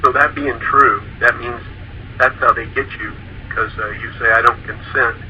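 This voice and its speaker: A man's voice: mid-range voice, fairly even intonation, moderate pace, sharp tone. A man hosting a casual conversation, who speaks hesitantly and with many fillers. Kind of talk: casual interview chat. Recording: dull lo-fi audio with noise.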